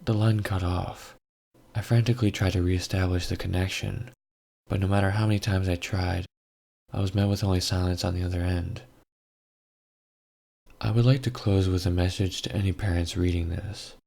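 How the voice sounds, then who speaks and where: A man reading a scripted horror story aloud in a measured, grave first-person telling. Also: deep voice, steady tone, gravelly, mellow. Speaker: story narrator.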